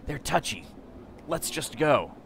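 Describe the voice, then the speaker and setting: Guy playing a mouthy floating skull sidekick in a game, loud and bossy, bit echoey. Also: a little high, sing-song, slow pace, gravelly, slight background noise, voice pushed up, heavily acted. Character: scrawny floating male skull, cocky and streetwise.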